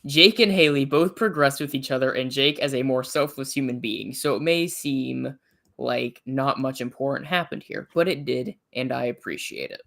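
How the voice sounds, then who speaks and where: A man's voice: mid-range voice, creaky, fairly bright tone. A young man co-hosting a livestream review in casual chat, stumbling and restarting as he reads notes aloud. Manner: halting, restarts often when reading aloud.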